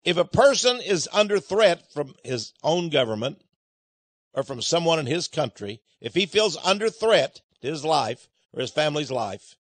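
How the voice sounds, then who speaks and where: A man's voice: on the high side, sing-song, moderate pace, no room sound. A man hosting a radio monologue, speaking emphatically and urgently and addressing his listeners as friends. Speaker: radio host.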